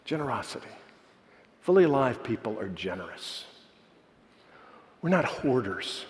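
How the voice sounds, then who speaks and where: A man's voice: mid-range voice, a little slow. Man preaching in a reverberant hall. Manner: animated preaching that drops to soft storytelling. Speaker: pastor. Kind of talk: sermon. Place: church sanctuary.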